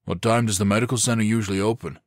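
A man's voice: fairly low pitch, fairly even intonation, very fast, no room sound, studio quality, voice pushed up, close to an everyday voice. A man voicing an easygoing young male SWAT officer with a wry, laid-back manner.

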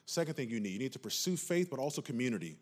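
A man preaching a sermon from the pulpit. His voice has a husky, slightly breathy edge and sits at an ordinary middle pitch. He swings from quiet teaching into loud, emphatic declarations and checks in with the congregation. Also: big pitch swings, very fast. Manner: impassioned preaching with call-and-response asides. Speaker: pastor.

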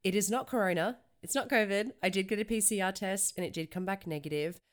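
A woman's voice: medium pitch, fast. Stuffy-voiced woman podcast host. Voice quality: stuffy sick voice. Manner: candid, chatty, swears casually. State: has a cold. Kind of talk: casual podcast chat and news reading.

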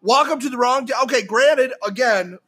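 A man co-hosting a casual chat, excitable and quick to exclaim. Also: very high voice, breathy edge. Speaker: podcast co-host.

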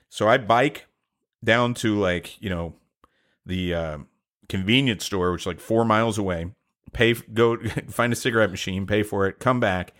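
Rambling storytelling man, low voice. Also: normal speed, a bit bright. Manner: rambling storyteller, self-deprecating. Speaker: podcast co-host. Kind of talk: casual chat.

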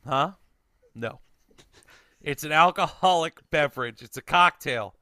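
A man's voice: fairly high pitch, a little slow, dry recording, studio quality. A young man from Connecticut hosting a casual podcast chat, laughing often, swearing and quizzing his co-hosts. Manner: laughs often, swears, animated quiz-giving. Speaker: podcast host.

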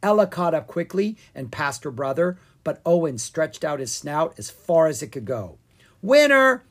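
A reader narrating a children's storybook in a lively, expressive way. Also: mid-range voice, moderate pace. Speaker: audiobook reader.

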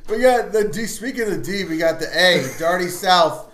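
A man hosting a rowdy podcast, swearing, joking and laughing loudly as he runs through picks. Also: high voice, expressive, normal speed, roomy sound, background noise. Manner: loud, profane, laughing, mock French bits. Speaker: podcast host. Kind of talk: rowdy casual podcast banter. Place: room with live audience.

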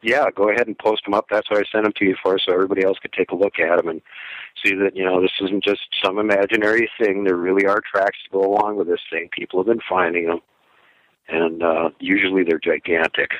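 A man appearing as a podcast guest, explaining his views in a measured, conversational way. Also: low voice, little pitch movement, fairly bright tone, no echo, highs cut off. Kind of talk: casual interview chat.

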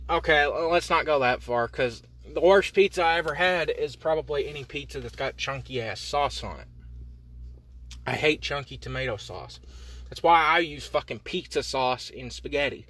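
A young man hosting a podcast, rambling through profane, absurd comic tangents in a deadpan way, talking from inside a parked truck. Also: mid-range voice, normal speed, dry recording. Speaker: podcast host. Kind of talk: rambling comedic monologue.

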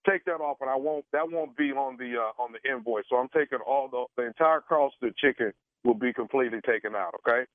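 A man's voice: mid-range voice, no room sound. A man making a prank phone call, posing as a caterer and stammering through his explanation with lots of fillers. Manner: halting, stammering with many fillers. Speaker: radio prank caller. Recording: tinny phone line.

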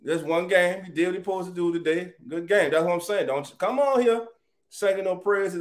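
A man hosting a casual live sports chat, animated and greeting viewers by name. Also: sits high, fairly quick. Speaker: sports talk show host.

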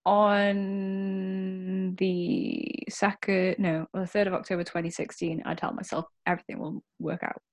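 A woman's voice: medium pitch, flat delivery, measured pace, a little mellow. A young woman, talking candidly as a guest in a casual chat. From Wales. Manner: candid, swears, swings from laughing to reflective.

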